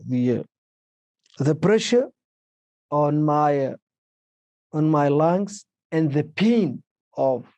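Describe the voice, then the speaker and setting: A man speaking English as a second language, recounting personal experiences as a podcast guest in halting speech full of restarts. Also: on the high side, warm tone, dry recording.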